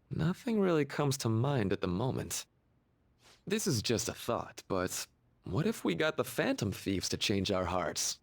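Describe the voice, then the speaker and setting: An actor playing a soft-spoken, thoughtful school counselor in a video game. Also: male voice, mid-range voice, creaky, exaggerated voice. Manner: soft-spoken, musing, apologetic. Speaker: game character.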